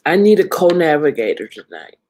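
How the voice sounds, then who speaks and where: A woman hosting a live stream, tearful and crying as she talks to her viewers, apologetic and emotional, pausing often and sighing. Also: sits low, sing-song, darkish tone, low-quality recording. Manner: slow, emotional, apologetic, drawn-out pauses and sighs. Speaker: livestream host.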